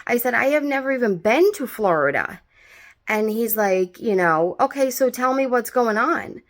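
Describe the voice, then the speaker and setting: A woman's voice: fairly high pitch, animated, moderate pace. A young adult woman telling a story in a casual vlog, rambling with lots of fillers and swearing freely.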